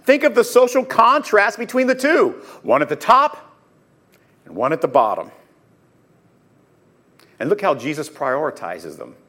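A man's voice: fairly high pitch, sing-song, a little slow, long pauses, sharp tone. A man preaching a sermon, telling the story earnestly and with open emotion. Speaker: pastor.

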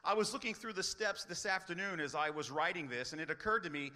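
A man's voice: high voice, fast, pushed and bright, in a large hall. A man preaching a sermon as pastor, earnest, often asking rhetorical questions.

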